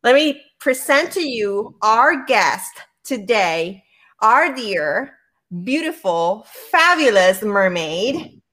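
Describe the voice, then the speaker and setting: A woman hosting a podcast with a fairly high voice. She gushes and rambles, stumbling over her words and throwing in "like" and "hello" as she introduces her guest. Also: slow. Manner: excited, rambling, repeats "hello" and "like". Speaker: podcast host. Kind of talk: casual interview intro.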